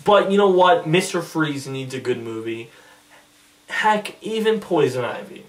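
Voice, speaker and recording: A man talks through a casual vlog monologue, often rambling and restarting his thoughts. His voice sits a little high for a man. He sounds set back from the microphone, slightly distant. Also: lively intonation, unhurried. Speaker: vlogger.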